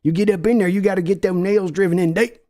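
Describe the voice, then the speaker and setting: A man's voice: high voice, fairly even intonation, fast talker, mellow, lightly acted. A man doing an impression of a brash, pushy older Texan football team owner, with a put-on Texan drawl in a comedy skit. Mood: pushy, folksy. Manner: folksy, wheedling, bossy drawl.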